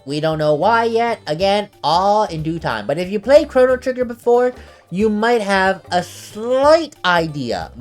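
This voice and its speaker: Faint game music plays behind a let's play host, a woman with a fairly low voice, chatting casually as she plays. She laughs a lot, talks freely and makes self-deprecating remarks.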